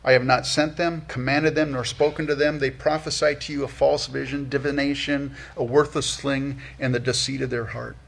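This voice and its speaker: A man's voice: medium pitch, level tone, moderate pace, gravelly, hardly any pauses, fairly bright tone. A man preaching an earnest, conversational sermon, often repeating himself as he works toward a point and lifting his voice for emphasis. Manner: earnest, conversational, many restarts, rises for emphasis. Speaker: pastor.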